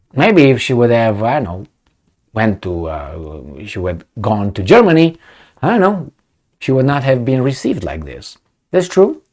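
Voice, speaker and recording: A man's voice: on the low side, darkish tone. A man giving casual solo commentary, talking in a conversational, digressive way and asking questions as he goes.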